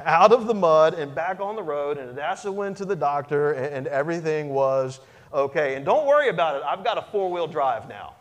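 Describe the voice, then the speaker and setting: High-voiced pastor telling a story. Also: male voice, fairly quick, long reverb tail. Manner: animated, self-mocking storyteller. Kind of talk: sermon storytelling.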